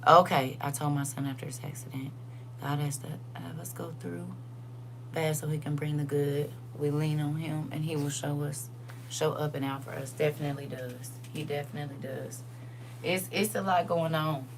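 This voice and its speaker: A woman with a notably low voice hosts a casual livestream, talking straight to her viewers. She slows down and reads scripture deliberately, over a faint hum in the background. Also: fairly even intonation, creaky. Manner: reads verses slowly and deliberately; chatty, addresses viewers directly. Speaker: livestream host.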